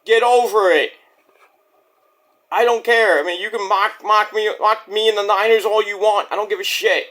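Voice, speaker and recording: A man's voice: high-pitched, fairly even intonation, moderate pace, bright, forceful tone. A man, ranting bluntly and profanely in a rambling casual monologue as a vlog host.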